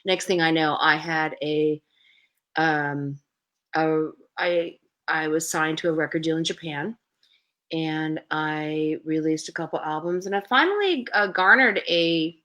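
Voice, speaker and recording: A woman's voice: sits low, measured pace, fairly bright tone. A middle-aged woman, a guest in an interview, chatty, telling anecdotes and acting out the voices of people in them. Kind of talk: animated storytelling in an interview.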